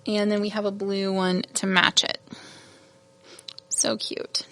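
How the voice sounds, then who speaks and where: A woman's voice: medium pitch, little pitch movement, slow pace, sharp tone. A woman hosting a casual product showcase, chatty and gushing, laughing at her own fumbles. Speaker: shop host showing new beads.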